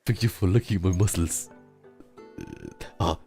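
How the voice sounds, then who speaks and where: A man with a Southern German accent and a rolled R, a native German speaker chatting casually while streaming a game, talking slowly with long pauses. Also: wildly swooping pitch, vocal fry, warm tone, faint music behind. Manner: slow, rumbly speech with long pauses. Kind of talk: casual chat while gaming.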